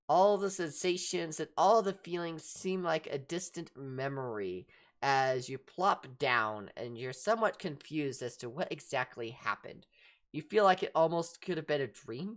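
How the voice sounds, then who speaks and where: Casting: woman game master, halting narration with restarts, a low voice. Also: lively intonation.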